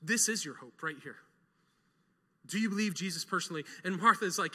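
High-voiced young pastor preaching in a reverberant hall. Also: male voice, fairly quick. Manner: energetic, emphatic preaching with rhetorical questions and repetition. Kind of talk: sermon.

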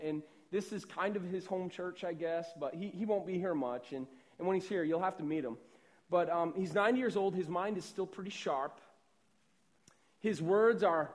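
High-voiced pastor preaching conversationally. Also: male voice. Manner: conversational, repeats words and asks "right?". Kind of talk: sermon.

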